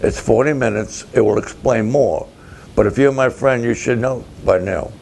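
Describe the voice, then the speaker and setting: A man, a pastor, telling a story slowly and dramatically, acting out both sides of the conversations. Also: medium pitch, gravelly, darkish tone, slight background noise. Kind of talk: storytelling sermon to camera.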